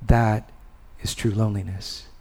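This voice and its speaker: Male pastor, sermon, slow measured delivery, long pauses, swells then drops quiet. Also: flat delivery, vocal fry. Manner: rises in intensity on key words, then drops low.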